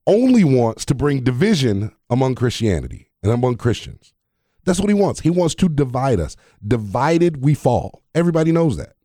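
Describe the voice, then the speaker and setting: Animated man preaching in casual chat. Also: medium pitch, dry recording, clean studio sound. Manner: preachy, repeats phrases for emphasis; chuckles at his own jokes. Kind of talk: casual faith podcast talk.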